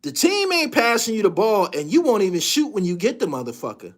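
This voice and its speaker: Hosting his own channel, a man with a high-pitched voice and huge pitch swings launches into a heated, profane sports rant. It's rapid-fire and repetitive, loaded with slang and repeated lines.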